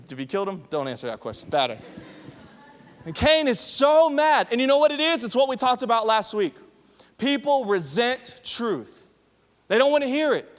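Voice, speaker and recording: A man preaching a sermon to young adults, animated, dropping at times to quiet, hushed tones. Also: high-pitched. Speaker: youth pastor. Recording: reverberant hall.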